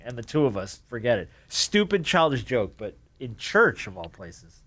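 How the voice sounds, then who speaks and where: A man co-hosting a podcast, telling a personal story in lively, quick bursts of casual chat. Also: medium pitch. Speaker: podcast co-host.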